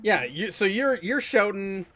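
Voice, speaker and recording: A man narrating as game master of a tabletop game, animated and quick to laugh. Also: high-pitched.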